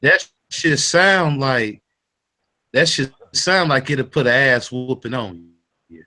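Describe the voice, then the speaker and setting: A man's voice: medium pitch, animated, slow pace, bright, forceful tone. A man making laid-back, drawled remarks in a casual chat among friends.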